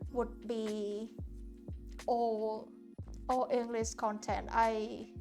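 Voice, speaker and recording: A woman from Hanoi whose first language is Vietnamese, chatting casually with her viewers while painting on stream, often restarting and searching for words. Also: fairly high pitch. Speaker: art streamer. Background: soft lo-fi music.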